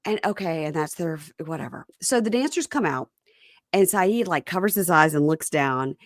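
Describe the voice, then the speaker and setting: A chatty woman with a lowish voice recaps reality TV on her podcast. She slips into quoted voices with wide swings in pitch, on a dry, close mic. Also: animated, moderate pace, no room sound. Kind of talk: casual chat.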